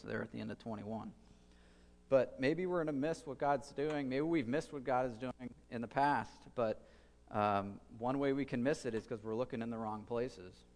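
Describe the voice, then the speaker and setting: A man preaches to his congregation in a relaxed, conversational way, pausing with fillers and circling back on his words as he thinks aloud. His voice sits at an ordinary middle pitch. The sound carries the long reverb of a church hall. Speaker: pastor. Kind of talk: sermon.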